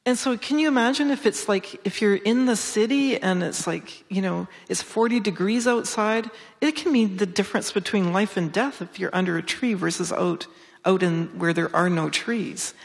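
A woman forest researcher and author answering interview questions with enthusiasm, restarting phrases and jumping up in pitch when excited. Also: gravelly. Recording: long hall reverb.

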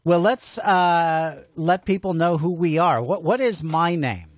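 A man's voice: a little high, measured pace, no room sound. A man hosting a casual homemade radio show, bantering playfully in a fatherly way. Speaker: host.

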